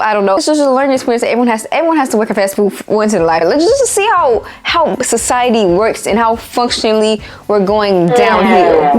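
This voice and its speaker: A young woman telling casual storytime rants about old jobs, animated and exasperated, full of slang. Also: on the high side. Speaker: vlogger.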